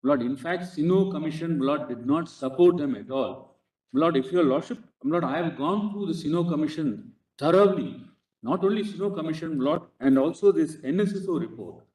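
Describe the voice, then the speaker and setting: A man's voice: a little high, expressive, darkish tone. A man with an Indian English accent arguing a case before a court bench, breaking his phrases with constant, insistent "Lord" addresses. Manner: inserts "Lord" into nearly every phrase, halting and insistent. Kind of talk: courtroom legal argument. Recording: echoey courtroom audio picked up from a distance.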